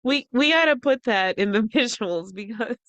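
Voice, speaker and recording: Woman podcast host gossiping and cussing, laughs thru everything, kinda high voice, dry close sound. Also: lively intonation, normal speed, a bit bright, no room sound, dull audio. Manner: gossipy, laughs mid-sentence, blunt cursing. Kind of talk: casual chat.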